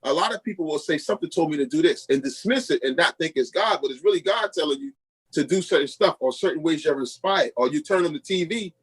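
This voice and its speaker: A middle-aged pastor from Queens tells his testimony in a husky, slightly raised voice. He brings each scene to life by acting out what people said to him. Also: a little high, fast talker, low-quality recording. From Queens, New York. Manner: lively storyteller who acts out quoted dialogue. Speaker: pastor, podcast guest. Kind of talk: personal testimony storytelling.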